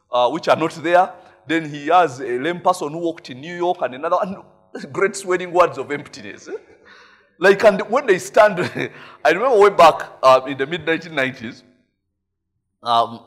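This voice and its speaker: A man's voice: a little high, a bit bright. A middle-aged Ugandan pastor preaching a sermon in a chatty way, laughing often and tagging his sentences with "eh?". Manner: chatty and laughing, frequent tag "eh?".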